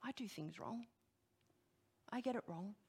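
A middle-aged woman preaching a sermon, animated and emphatic, putting direct questions to her listeners. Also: a little high, unhurried, breathy edge.

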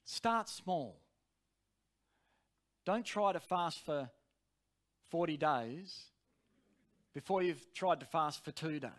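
A man's voice: on the high side, expressive, slow, pauses often, a bit bright. A man preaching a sermon, telling a personal story in an earnest, direct way.

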